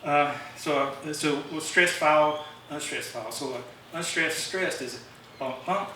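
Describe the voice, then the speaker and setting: Guy rambling thru a songwriting talk, bright voice, super echoey room, mic far off. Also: fairly high pitch, measured pace. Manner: rambling, with many fillers and restarts. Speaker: songwriting speaker at a club meeting. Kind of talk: informal talk to a group. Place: meeting room, recorded from a distance. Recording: very echoey room, distant mic, faint hiss.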